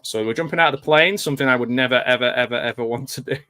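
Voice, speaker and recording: This man speaks at a quick pace with medium pitch and a bright, forceful tone, and there's no room sound. Over a film, he gives a casual, joking live commentary that's chatty and wry, peppered with dry jokes and fillers.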